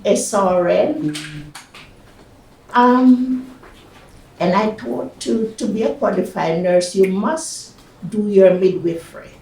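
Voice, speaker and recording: A woman's voice: medium pitch, vocal fry, mellow, slight background noise. An older woman from Jamaica with a Jamaican accent, recalling her past in an oral history interview, hesitant, with fillers and restarts. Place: community centre room. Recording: echoey room, mic at a distance.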